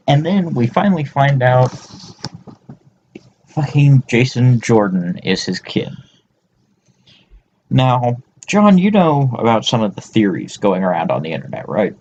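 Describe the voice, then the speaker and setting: A man's voice: medium pitch, sing-song, a little slow, pauses often, slight background noise. A man co-hosting a podcast, ranting profanely in casual chat. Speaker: podcast co-host. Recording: dull lo-fi sound.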